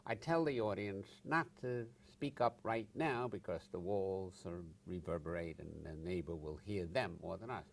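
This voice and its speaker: A man's voice: sits low, normal speed, creaky, few pauses, slight background noise. An older man, a psychotherapist, answering interview questions bluntly and emphatically, swearing for effect. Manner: blunt, emphatic, acts out angry outbursts with swearing.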